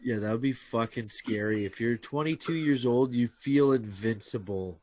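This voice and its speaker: A man hosting a podcast in casual chat, giving relaxed reactions. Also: medium pitch, moderate pace, slight background noise. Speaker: podcast host.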